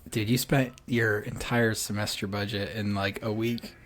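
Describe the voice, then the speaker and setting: Young male podcast co-host with a low voice and dry, joking delivery. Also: level tone, normal speed. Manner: dry, wisecracking banter. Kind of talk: casual chat.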